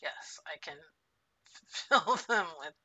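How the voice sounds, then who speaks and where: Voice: mid-range voice, lively intonation, slow, bright, forceful tone. A streamer chatting casually on a live stream at home, muttering to themself while they cook.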